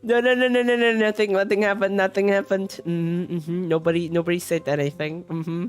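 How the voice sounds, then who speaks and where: A man's voice: high-pitched, flat delivery, brisk. A man hosting a casual streamed talk show, hesitant and full of fillers, with a playful teasing manner. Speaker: podcast host.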